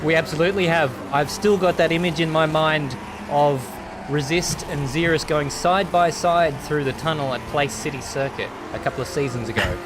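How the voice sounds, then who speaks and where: A man commentating a sim racing league race, lively and quick to laugh, on a desk microphone. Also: a little high, noisy background. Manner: lively, laughs often, excitable. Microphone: desk USB microphone. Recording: music playing behind.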